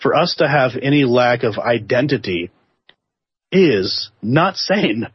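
A man with a husky voice talks through faith topics in an easy, joking way, jumping pitch up when he quotes people. The sound is dry and close, slightly dull in the top end. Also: slow, dry recording. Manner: animated, jokey, quotes others in voices. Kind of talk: casual faith discussion.

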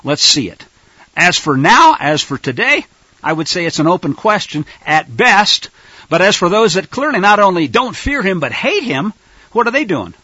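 A man preaching in an animated, rhetorical style, addressing listeners as folks, on a dull lo-fi recording. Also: high voice, normal speed, breathy edge, no echo. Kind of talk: sermon-style Bible teaching.

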